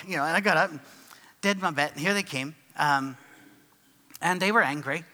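Man, preacher, chatty sermon with restarts, bright tone, echoing hall. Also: on the high side, fairly quick, pauses often. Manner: conversational, storytelling, with fillers and restarts. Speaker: preacher answering written questions. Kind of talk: sermon with questions and answers.

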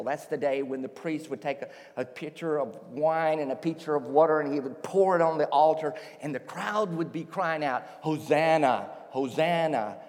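Animated preacher in a reverberant hall. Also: male voice, a little high. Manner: animated storytelling, acts out voices. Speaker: pastor. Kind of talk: sermon.

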